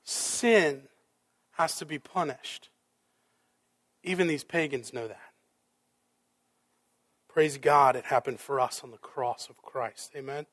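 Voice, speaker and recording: A male pastor preaching a sermon, dramatic, with rhetorical questions and swings between loud and soft. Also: medium pitch, slow, long pauses.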